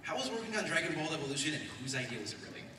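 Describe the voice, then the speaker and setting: A man in the audience asking a panel guest a question, hesitant and halting. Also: a little high, very animated, background noise. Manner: hesitant, with fillers. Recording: echoey hall recorded from far off, crowd.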